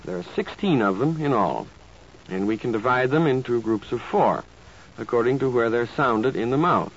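A man teaching pronunciation in slow, carefully enunciated scripted narration, like an old instructional tape. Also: medium pitch, lively intonation, gravelly, husky. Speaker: language teacher. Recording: dull lo-fi tape with faint hiss.

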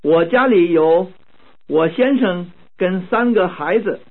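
High-voiced man reading drill sentences. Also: expressive. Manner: careful, deliberate reading. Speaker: language tape speaker. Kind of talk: slow model sentences for learners. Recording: tinny narrow-band tape recording.

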